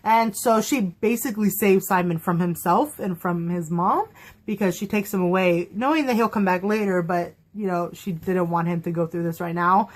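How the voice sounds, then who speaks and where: A young woman chatting casually on her vlog, excitable and quick to laugh, acting out quotes as she goes. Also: lowish voice. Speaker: vlogger reviewing a TV episode. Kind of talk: casual chat.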